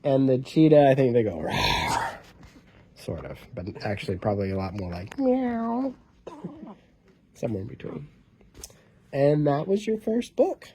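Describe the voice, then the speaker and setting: A man's voice: mid-range voice, warm tone, slightly rough. A man reading a picture book aloud to his baby in a casual home video, joking about what noises the animals make.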